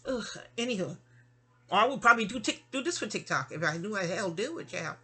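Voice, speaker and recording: A woman's voice: mid-range voice, animated, quick pace, pushed and bright, slightly rough. Rambling middle-aged woman storyteller. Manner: rambling, digressive and chatty, with asides. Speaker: vlogger. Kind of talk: casual storytelling monologue. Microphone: phone.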